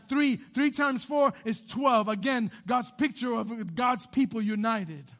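A man pastor preaching a sermon, swinging between loud animated bursts and hushed quiet passages. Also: extremely high pitch, normal speed, hardly any pauses.

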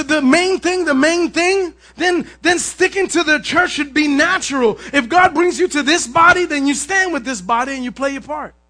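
This is a man with a very high, bright voice delivering an energetic sermon as a pastor. He often raises his voice to a shout and asks the congregation for an "amen" as he goes.

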